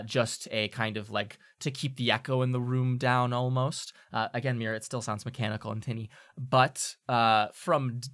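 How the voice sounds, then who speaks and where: A man's voice: medium pitch, a bit bright. A man narrating as game master in a tabletop game, describing scenes with many fillers.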